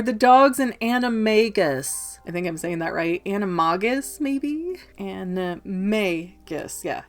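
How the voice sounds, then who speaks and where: A woman hosts a book club vlog and recaps a chapter in easy, chatty talk. She tells it with lively storytelling and keeps breaking into quick little voices for the characters. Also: medium pitch.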